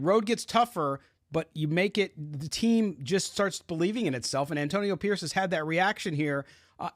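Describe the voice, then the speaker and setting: A man's voice: sits high, fairly bright tone, no room sound. A man hosting a live postgame sports show from his home studio, talking conversationally and leading the segment. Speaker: host.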